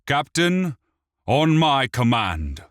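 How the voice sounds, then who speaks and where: A man's voice: medium pitch, big pitch swings, takes it slowly, no echo, clean studio sound, pitched above the performer's own voice. A man doing a haughty, furious elf prince. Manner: haughty, sharp, spitting anger. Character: proud, grieving elf prince regent, furious.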